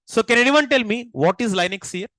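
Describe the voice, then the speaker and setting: High-pitched, Indian accent, teacher, repeats key points, dry sound. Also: male voice, animated, a little fast, a bit bright, no room sound, low-quality recording. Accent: Indian English. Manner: asks the class questions and repeats key points. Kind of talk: classroom lecture.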